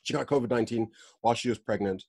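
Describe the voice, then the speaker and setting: A man co-hosting a podcast, talking in a laid-back, earnest, halting way. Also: medium pitch, vocal fry, a little mellow, husky, dry recording, studio quality. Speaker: podcast co-host. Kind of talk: casual podcast banter.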